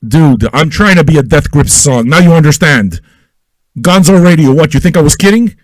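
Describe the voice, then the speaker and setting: Male pirate-radio host, fairly high and very animated, loud and crude, dry close sound. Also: normal speed, dry recording. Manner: loud, manic and crude, with yelling and repetition; talks straight at listeners with repeated questions. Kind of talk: profane ranting monologue.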